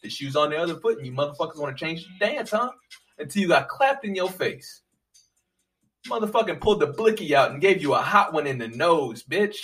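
A man ranting profanely, swinging from low muttering to loud, high-pitched outbursts. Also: sing-song, a little fast. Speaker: commentator. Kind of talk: profane political rant. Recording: voice a bit far from the mic, faint music behind.

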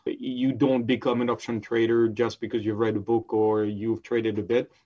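A man speaks as a podcast guest, laying out his work as an expert witness. He talks in a measured, precise way at a middle pitch. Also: level tone, mellow. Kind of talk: casual interview.

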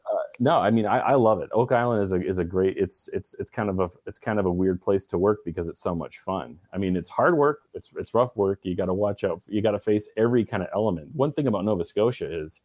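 A man answering interview questions in a relaxed, halting way, with many restarts and fillers. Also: sits low, no room sound. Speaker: guest. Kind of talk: casual interview conversation.

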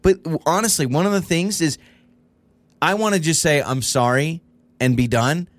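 A man's voice: on the high side, normal speed, no room sound. A man co-hosting a podcast with his wife, talking casually and self-deprecatingly, often restarting his sentences. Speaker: podcast co-host. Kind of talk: casual couple chat.

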